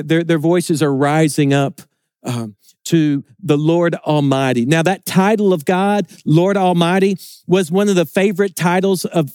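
High-voiced man preaching a sermon. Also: a little mellow, no room sound, clean studio sound. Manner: earnest, repeats words when building emphasis.

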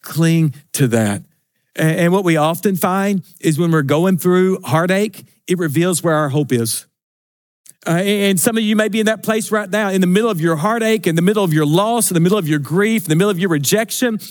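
A man preaching a sermon in an earnest, repetitive style. He stumbles and restarts often, raising and lowering his voice for emphasis. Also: fairly quick, dry recording, studio quality. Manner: earnest preaching with many restarts and repeated phrases; swings between raised and lowered pitch for emphasis. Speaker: pastor.

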